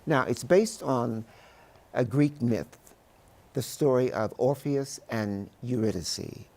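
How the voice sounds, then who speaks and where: An older man talks in a television studio interview with a grave, oratorical cadence. His delivery is unhurried and his voice carries a gravelly rasp. Every phrase sounds deliberately weighed. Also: medium pitch, lively intonation, mellow. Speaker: Broadway actor, interview guest.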